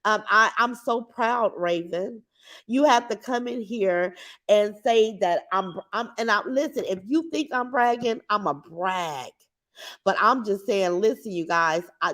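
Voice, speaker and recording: A woman hosting a casual livestream from her couch at home, talking to her chat through her computer in a brash, outspoken, boastful way. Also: mid-range voice. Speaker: livestream host reading chat. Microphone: computer mic.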